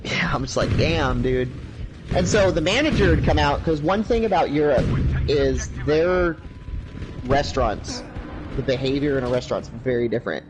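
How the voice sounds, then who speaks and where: Speaking at normal speed in a fairly high voice, a man co-hosting a livestream relates a lengthy travel tale in casual chat and animatedly imitates the people in it. Behind him are music and noisy gameplay sounds, including video game gunfire.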